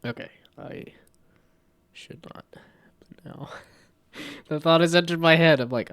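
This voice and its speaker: Man, streamer, stuffy cold, gravelly, rambling self-deprecating chat, low energy. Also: takes it slowly, long pauses, a bit bright. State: congested from a cold. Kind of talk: casual live-stream chat while working.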